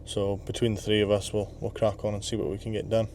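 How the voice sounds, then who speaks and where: With a fairly low, somewhat mellow voice, this Scottish man in his twenties speaks fast and flatly amid slight background noise. Running a landscaping business, he vlogs casually from job sites and his yard, thinking through the workday out loud.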